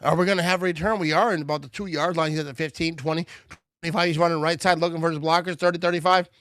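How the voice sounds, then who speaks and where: High, bright-voiced man calling the game. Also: steady tone, very fast, no room sound. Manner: loud, joking play-by-play banter. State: tipsy. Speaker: livestream host. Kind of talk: live game watch-party commentary.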